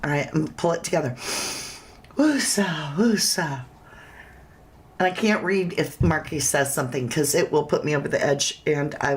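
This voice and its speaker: A woman hosting a casual true crime livestream, chatting straight to her viewers and reading their comments aloud. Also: sits low.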